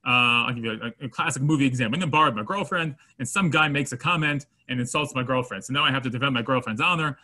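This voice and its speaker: A man's voice: mid-range voice, fast talker, few pauses. A man teaching a Torah class, mixing Hebrew terms into his English and acting out everyday scenes. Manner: animated, acts out scenarios with quoted voices. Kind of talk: Torah lesson to students.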